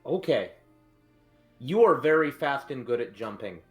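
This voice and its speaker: Man, tabletop player, playful, simple giant character, mid-pitched, faint background music. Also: very animated, measured pace. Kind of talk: tabletop game role-play.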